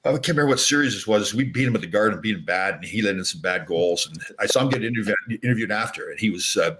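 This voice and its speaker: A man in his sixties with a low, bright voice, rattling off stories at a fast clip. He acts out quoted lines as he goes, in a casual interview-guest manner. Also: animated, low-quality recording. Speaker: guest, former pro hockey player.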